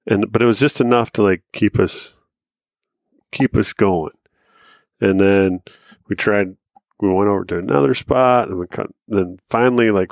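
A man's voice: lowish voice, no echo, studio quality. A man in his thirties, a podcast co-host telling a rambling, profane hunting-and-fishing story with laughs along the way. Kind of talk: casual storytelling.

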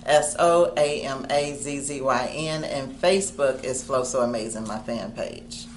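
A woman's voice: a bass voice, unhurried, slight background noise. A woman comedian in her thirties from Ohio, telling her story in a casual interview and acting out the people she quotes. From Cincinnati, Ohio. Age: 30s. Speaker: comedian guest.

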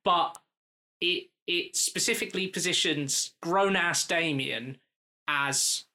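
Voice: mid-range voice, slow pace, pushed and bright. A podcast co-host chatting casually and wryly about films, then leading into the ad break. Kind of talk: casual chat, reading ads.

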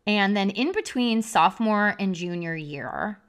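A woman's voice: mid-range voice, expressive, unhurried, a bit bright. A young adult woman telling a personal story on a podcast, candid and confessional, with "like" as a constant filler. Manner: confessional, heavy use of "like" as filler. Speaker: podcast speaker.

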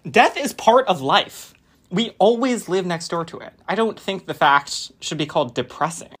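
A woman's voice: lowish voice, expressive, normal speed, slightly rough. A woman reading a solemn brooding teen boy. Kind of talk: podcast table read.

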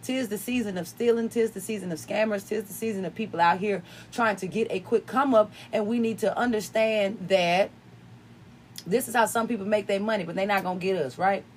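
A woman's voice: medium pitch, fairly quick, a little hiss or hum. A woman with a slight Southern country twang hosting a podcast. She talks casually but preaches at times, repeats phrases for emphasis and swears freely. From upstate New York. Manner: repetitive, preachy, profane. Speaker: podcast host. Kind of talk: casual spiritual chat.

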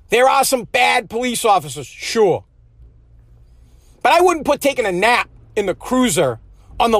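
A man's voice: high-pitched, fairly bright tone, dry recording. A man hosting a show, delivering a heated, profane monologue with lots of repetition. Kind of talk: angry ranting monologue.

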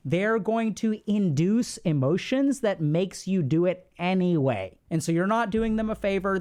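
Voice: medium pitch, a little mellow. A therapist giving casual, blunt advice, who swears and acts out sample conversations. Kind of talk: casual advice talk to camera.

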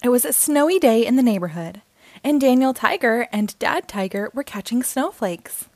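A woman hosting a read-aloud for children, narrating in a bright, expressive way. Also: fairly high pitch, moderate pace, no echo. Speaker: storyteller host.

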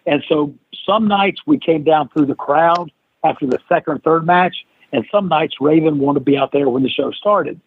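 Over a dry, tinny line that sounds like a phone, a male podcast guest with a husky, high-side voice spins a lengthy tale at normal speed. He animatedly performs the quoted lines of each person in the story.

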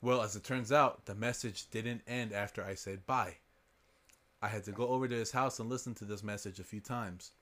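A man's voice: lowish voice, fairly even intonation, moderate pace, fairly bright tone. A man hosting a podcast, reading listener stories aloud in a casual way. He swears freely and laughs as he goes.

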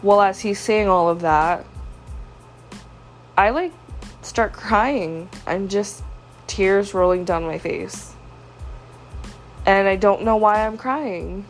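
A woman's voice: medium pitch, slow pace, long pauses. Young woman, podcast host, confiding monologue, hurt and frustrated, faint music behind. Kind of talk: personal venting monologue.

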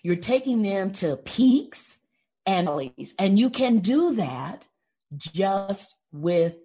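Woman, podcast host, measured and affirming, rhythmic delivery, mid pitch. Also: big pitch swings, mellow, breathy edge. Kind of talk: podcast interview.

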